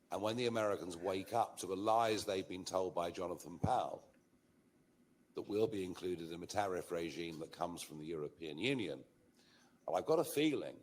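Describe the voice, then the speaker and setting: A man giving a political interview answer in a measured, emphatic way. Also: low-pitched. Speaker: political commentator.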